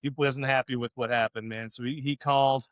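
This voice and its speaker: A man's voice: mid-range voice, steady tone, brisk, fairly bright tone, no echo, highs cut off. A man co-hosting a podcast, telling long profane stories in a loose, rambling way. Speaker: podcast co-host. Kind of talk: casual podcast chat.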